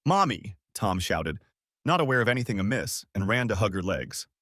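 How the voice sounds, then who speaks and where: A man narrating a first-person audio story in a measured, calm manner. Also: lowish voice, no room sound, studio quality.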